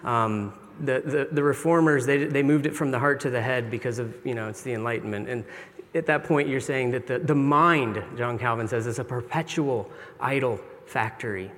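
A man's voice: mid-range voice, moderate pace, fairly bright tone. Earnest male preacher in a reverberant hall. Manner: earnest, confessional, conversational preaching. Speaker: pastor. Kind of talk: sermon. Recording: long reverb of a large hall.

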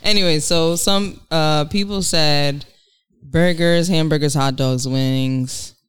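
Woman co-host, crisp, dry studio sound, playful teasing banter. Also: sits low, slow pace, dry recording. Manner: laughing, teasing, animated storytelling. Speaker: podcast co-host. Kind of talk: casual chat.

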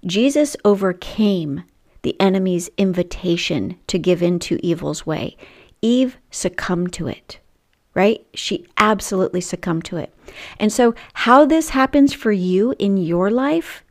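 Gravelly-voiced woman coaching with faith. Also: mid-range voice, expressive, measured pace. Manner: earnest and emotional, with asides and laughs. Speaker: Christian weight loss coach and podcast host. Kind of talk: faith-based coaching talk.

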